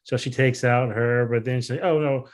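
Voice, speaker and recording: A man co-hosting a podcast, recapping episodes in a relaxed way with many fillers. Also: mid-range voice, a little fast. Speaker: podcast co-host. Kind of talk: casual chat.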